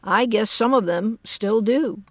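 A gruff, sardonic man from the American South answers dryly, as a woman narrator puts him on. The storybook recording sounds dull and close, with no room around it. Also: on the high side, measured pace, no echo. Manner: dry, growling, sardonic.

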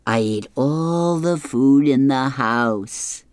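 A man's voice: medium pitch, slow, smooth, no room sound, lightly acted. A man voicing a lazy, smug male cartoon cat who is pleased with himself, read from a comic strip.

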